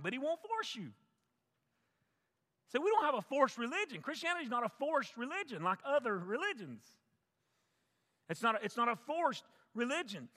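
A man's voice: high-pitched, pushed and bright. A male pastor preaching a sermon, emphatic, repeating key phrases for the congregation. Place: church sanctuary. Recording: long church reverb.

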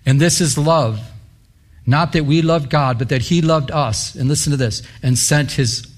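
A pastor telling a story in a sermon, quoting scripture, lively at times and hushed at others. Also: male voice, on the high side, normal speed. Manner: animated, quotes scripture, drops to hushed intensity.

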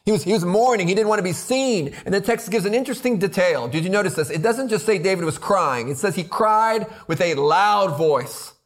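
A man's voice: sits high, animated, fairly quick, few pauses. A man preaching an expository sermon, earnest and building to emphatic rhetorical questions, often repeating words as he presses a point. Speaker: pastor.

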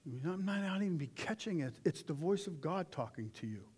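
A middle-aged man preaching a sermon in a folksy, animated way, with sudden shouted asides. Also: a little high, fairly quick, husky.

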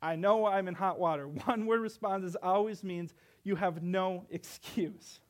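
A man's voice: high voice, fairly even intonation, unhurried. A young man preaching a sermon, earnest, asking rhetorical questions and reading scripture aloud.

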